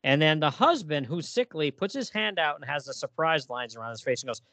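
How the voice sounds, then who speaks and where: A man's voice: on the high side, very animated, a little fast, pushed and bright, no echo. A man co-hosting a casual podcast about old horror comics, reading the dialogue aloud in playful voices. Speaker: podcast co-host. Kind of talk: casual comic book discussion.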